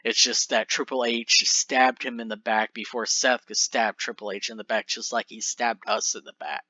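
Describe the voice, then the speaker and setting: A man's voice: mid-range voice, little pitch movement, moderate pace, bright, forceful tone, no echo, muffled recording. A man voicing a bitter, ranting wrestler. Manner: aggrieved, ranting. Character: bitter, fed-up male wrestler griping to his partner.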